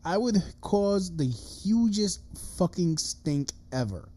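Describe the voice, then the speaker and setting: Thirties male streamer, dark, unhurried voice, cursing and agitated in a solo rant. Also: high voice, expressive. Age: 30s. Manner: profane, agitated ranting with many restarts. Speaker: livestream host. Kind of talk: ranting livestream monologue.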